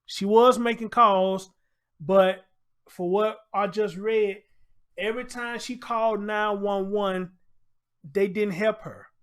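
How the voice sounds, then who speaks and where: Guy with a high voice reacting to a crime story on his channel, blunt and repetitive, swears a lot. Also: steady tone, slow pace, a bit bright, clean tone. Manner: loose and emphatic, swears, repeats himself. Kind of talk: casual reaction commentary, reading aloud.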